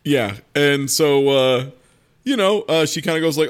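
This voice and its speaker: A man in casual conversation, retelling a story with lots of energy and jumping into quick impressions of the characters. His voice sits at an ordinary middle pitch. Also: smooth. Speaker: podcast co-host recapping an anime. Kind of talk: casual chat.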